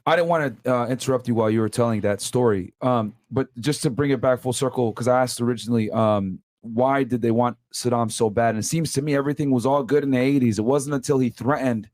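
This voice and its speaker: A man's voice: medium pitch, fast talker, hardly any pauses, a little mellow, no echo. A man hosting a podcast, asking questions casually and reacting with short interjections. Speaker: podcast host.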